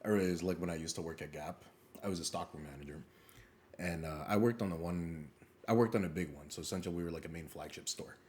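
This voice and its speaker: A man's voice: sits low, quick pace, darkish tone. A young man co-hosting a podcast, telling stories in casual chat, swearing freely and laughing often. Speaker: podcast co-host.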